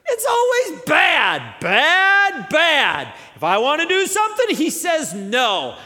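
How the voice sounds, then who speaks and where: Preacher putting on a sulky whining king, high and bright, with hall reverb behind it. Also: wildly swooping pitch, slow pace, heavily acted. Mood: whiny. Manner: petulant, whining. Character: whiny pouting king, grown man.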